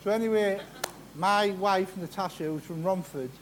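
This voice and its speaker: A man, talking fast in a chatty, joking way as a guest preacher at a church carol service. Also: high-pitched, a little hiss or hum. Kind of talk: sermon-style personal testimony. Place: church carol service before a live congregation. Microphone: handheld microphone.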